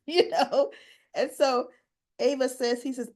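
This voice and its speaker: Lady recapping her soap, kinda high voice, acts out all the lines. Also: fairly even intonation, takes it slowly, long pauses, darkish tone. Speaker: soap opera recap vlogger. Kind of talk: casual retelling of scenes.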